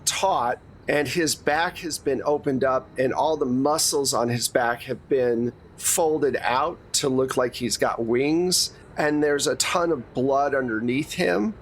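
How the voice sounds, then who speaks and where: A man's voice: medium pitch, slow pace, few pauses. A man narrating a tabletop game as game master. He describes scenes casually and swears freely, in an ordinary mid-range voice. A faint hiss sits underneath.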